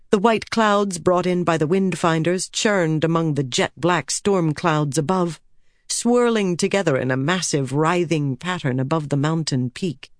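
Low-voiced woman audiobook narrator. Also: a little mellow, dry recording, studio quality. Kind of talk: scripted narration.

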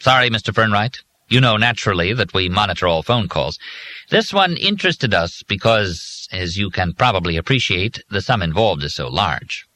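A man's voice: lowish voice, lively intonation, normal speed, sharp tone. A man voicing a stern secret police officer who speaks tartly. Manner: tart, clipped.

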